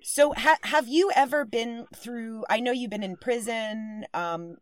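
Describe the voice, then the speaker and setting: A woman's voice: fairly high pitch, unhurried, dry recording. A young woman hosting a podcast, talking in a rambling, candid, profane and self-deprecating way. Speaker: podcast host. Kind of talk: casual monologue and interview.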